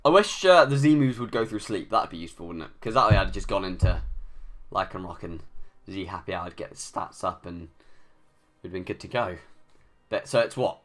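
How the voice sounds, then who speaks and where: A man's voice: deep voice, fairly quick. A young man giving live commentary over a video game. He thinks aloud, restarts his sentences often and rants when things go against him. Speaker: gaming YouTuber.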